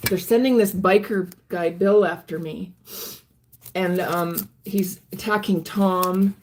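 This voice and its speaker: Woman vlogger, earnest storyteller, halting delivery, mid-pitched voice. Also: darkish tone. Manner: halting, earnest, many restarts. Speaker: vlogger recounting her life. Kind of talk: personal storytelling.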